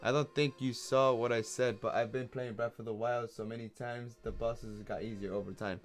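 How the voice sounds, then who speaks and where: A man's voice: medium pitch, fairly even intonation, normal speed, soft background music. A man streaming a video game, talking casually and rambling while often laughing at his own jokes. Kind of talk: casual gameplay commentary.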